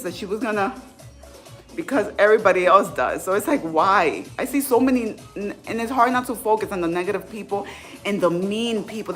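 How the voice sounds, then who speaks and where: A woman in her late thirties talks straight to her viewers in a relaxed, heartfelt way, like she's chatting with friends. Her voice sits at a middle pitch, with soft music faintly underneath. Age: 30s. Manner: candid, heartfelt, conversational. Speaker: fitness vlogger. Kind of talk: casual livestream talk.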